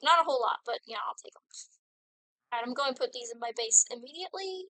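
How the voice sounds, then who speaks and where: Young woman streamer, high and bright, rambling happily while gaming, dry close sound. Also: lively intonation, fast talker, dry recording, poor audio. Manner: giddy, rambling, talks to herself while playing. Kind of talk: casual gaming stream chat.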